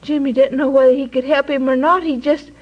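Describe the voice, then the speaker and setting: A woman telling a story aloud in a slow, expressive, homespun way. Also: high-pitched, muffled recording.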